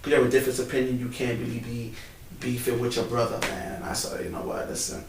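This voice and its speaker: A man's voice: medium pitch, monotone, fast. Heartfelt man talking from across a roomy hall. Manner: emotional, heartfelt, repeats "bro" and "man". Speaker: co-host. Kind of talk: casual chat. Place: large church building. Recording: roomy, distant mic, faint background noise.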